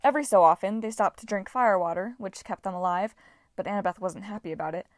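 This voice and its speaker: A woman reading an audiobook aloud with a lively, expressive delivery. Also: medium pitch, quick pace, no echo, studio quality. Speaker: audiobook narrator. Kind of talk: audiobook narration.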